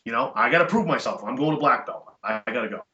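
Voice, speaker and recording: A middle-aged man, a podcast guest, telling stories in casual chat, animated and emphatic with blunt profanity. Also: medium pitch, quick pace, a little hiss or hum. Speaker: podcast guest, chiropractor and jiu-jitsu black belt. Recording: echoey room, dull lo-fi sound.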